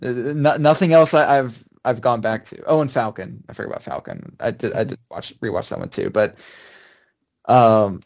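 A young man co-hosts a podcast in casual chat, rambling and hesitant with lots of restarts. His voice is medium-pitched, creaky and a little mellow, at a moderate pace.

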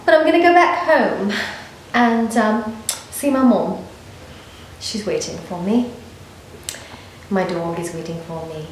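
Woman playing a nervous young woman hiding from pursuers, evasive, rambling, slow-spoken, middle pitch, heavy room echo. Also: slight background noise, natural voice. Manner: rambling, defensive, nervous laughter. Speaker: actor. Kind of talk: dramatic monologue. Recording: very echoey room.

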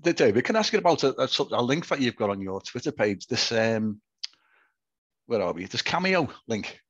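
A man's voice: medium pitch, very animated, fairly quick, fairly bright tone, husky. A man hosting a casual interview, asking eager, chatty questions over a slightly muffled video call. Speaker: host.

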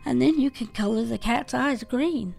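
A woman voicing a helpful little fairy sprite who colors the grass in a storybook, speaking calmly. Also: on the high side, normal speed, creaky, pitched above the performer's own voice.

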